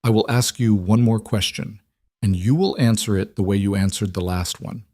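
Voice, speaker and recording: A man reading the part of a stern king in an audiobook romance, speaking quietly and deliberately with blunt command. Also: fairly low pitch, fairly even intonation, dry recording, clean studio sound, close to an everyday voice.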